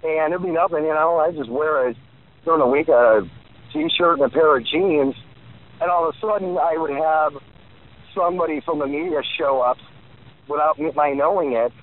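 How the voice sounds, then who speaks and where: A man's voice: fairly high pitch, moderate pace. A man in his forties giving rambling interview answers, full of fillers and restarts. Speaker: guest. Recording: tinny phone line.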